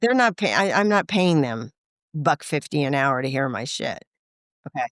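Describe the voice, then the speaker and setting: Candid older woman, low smooth voice. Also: normal speed, dry recording, clean studio sound. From United States. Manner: animated, acts out voices in her stories; frank, swears casually. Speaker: podcast guest. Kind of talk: candid conversational interview.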